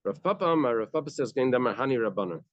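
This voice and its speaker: A man's voice: mid-range voice, animated, very fast, no room sound. A man teaching a daily Talmud class, reading short bits of Aramaic and then explaining them in casual, conversational English.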